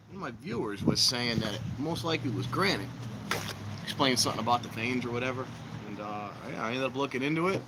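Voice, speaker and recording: A man with a mid-range voice hosts a casual livestream outdoors by a fire pit, rambling and joking with his viewers. There's heavy background noise.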